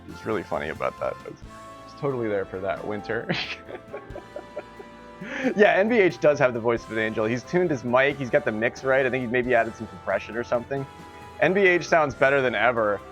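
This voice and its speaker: A man's voice: medium pitch, expressive, a little fast, a bit bright, faint music behind. A man streaming a game, chatting casually with his viewers in giggly, rambling asides. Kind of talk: casual live-stream chat.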